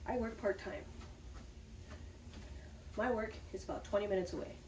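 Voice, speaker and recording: A woman's voice: medium pitch, moderate pace, a little mellow, a little hiss or hum. Chatty woman vlogger in an echoey room. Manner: candid, chatty, upbeat about a hard time. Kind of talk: casual talking-to-camera vlog. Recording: echoey room from some distance, faint ambience.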